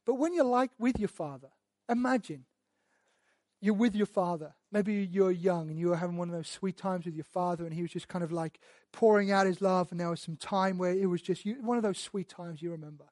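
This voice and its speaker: A man preaching a sermon and teaching through Bible verses, speaking earnestly, often repeating words as he restarts, and building to loud emphatic passages. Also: sits high, fairly quick, no room sound. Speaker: pastor.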